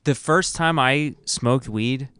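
Calm young guy telling a story, smooth voice, dry close mic. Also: medium pitch, takes it slowly, dry recording. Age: young adult. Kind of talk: casual chat.

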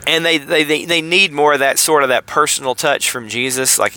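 A man's voice: mid-range voice, normal speed, few pauses, bright, forceful tone. Wry, sardonic male podcast host. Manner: wry, sardonic, stumbling restarts. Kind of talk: casual commentary.

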